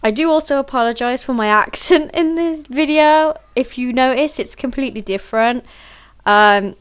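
A woman's voice: high voice, normal speed, clear, resonant tone. A woman from the Black Country, a gaming vlogger, chatting over game voice chat at home on a headset mic in a rambling, chatty way, laughing often. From Black Country, England.

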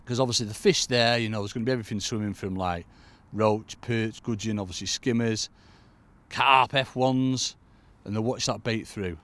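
A man's voice: fairly low pitch, normal speed, a bit bright. Chatty man coaching by a lake. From United Kingdom. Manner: chatty, keeps addressing "folks". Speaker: angling coach. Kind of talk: casual fishing tutorial. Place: lakeside outdoors in cold weather.

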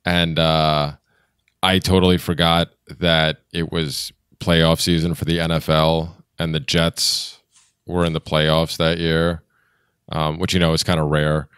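A man with a very low, smooth and resonant voice, talking casually on a podcast. He rambles, restarts his sentences and laughs often. The sound is dry and close. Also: level tone, unhurried, fairly bright tone, no echo. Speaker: podcast co-host. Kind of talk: casual chat.

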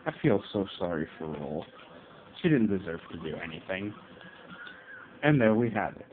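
A man commenting on his own gameplay, grumbling about opponents and shouting out attack names. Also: sits low, very animated, normal speed. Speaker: let's play gamer. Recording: tinny lo-fi mic with faint hiss.

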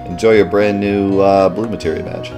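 A man with a very low voice talks casually through a video game, half-muttering his asides as he reads menus. Faint background music plays underneath his commentary. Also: steady tone, moderate pace. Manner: mumbly, muttering asides while reading menus. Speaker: let's play host.

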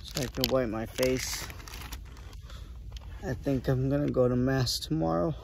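A man recording a soft, halting late-night video diary while grieving and worn out. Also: medium pitch, creaky, a little hiss or hum. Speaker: vlogger. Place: small private sleeping area, indoors.

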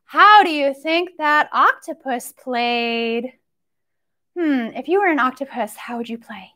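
High-voiced sing-song woman at story time. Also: measured pace. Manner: sing-song, playful, animated with sound effects and laughs. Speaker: children's librarian leading story time. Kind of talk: toddler story time with rhymes and songs.

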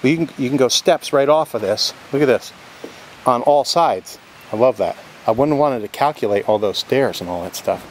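Touring a property by a creek, this man speaks in an animated mid-range voice at a moderate pace, with slight background noise. He's a real estate vlogger, casual and eager, addressing the viewer as he walks, and once inside the log cabin he lowers himself to soft whispers.

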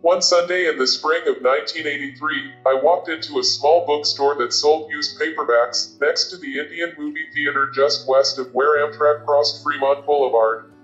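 A man reading a novel aloud as an audiobook narrator, with a steady, even storytelling delivery. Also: a little high, moderate pace. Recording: roomy, dull lo-fi sound. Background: faint guitar music.

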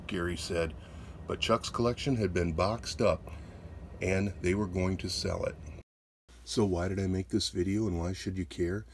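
Slow-talking man excitedly unboxing. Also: low voice, slight background noise. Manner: excited, exclaiming over each find. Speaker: beer collectible collector. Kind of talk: unboxing vlog.

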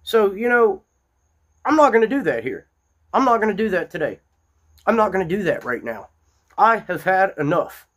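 A man hosting an unscripted, angry political monologue, blunt and repetitive, speaking from his small-town home. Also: high-pitched. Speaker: political commentary host.

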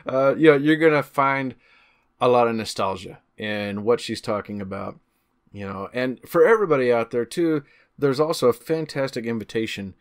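A man's voice: medium pitch, lively intonation, normal speed, clear, resonant tone. A man in his thirties hosting a podcast, upbeat and playful, chatting casually with a few false starts. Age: 30s. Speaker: podcast host.

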